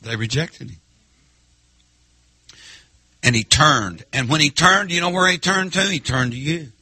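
A man preaching a sermon in church, firing rhetorical questions and swinging between loud emphatic lines and hushed asides. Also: fairly high pitch, expressive, measured pace, husky, no room sound. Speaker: pastor.

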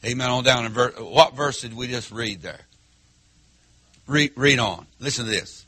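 Impassioned preacher, bright and husky. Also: male voice, mid-range voice, moderate pace, no room sound. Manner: impassioned preaching, swings from loud to near-murmur, rhetorical questions. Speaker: pastor. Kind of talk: sermon. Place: church.

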